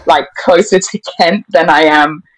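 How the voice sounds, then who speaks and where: A woman's voice: low-pitched, measured pace, no room sound, rough recording. A young woman, a dance instructor and guest on a podcast, speaking in a laid-back, giggly way with lots of hesitations. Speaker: pole and twerk instructor, guest. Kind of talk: casual interview chat.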